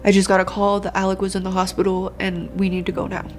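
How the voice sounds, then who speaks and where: A woman's voice: medium pitch, completely flat delivery, fast talker. A woman in a documentary interview, plainly telling a story from memory. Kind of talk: personal recollection. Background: faint music.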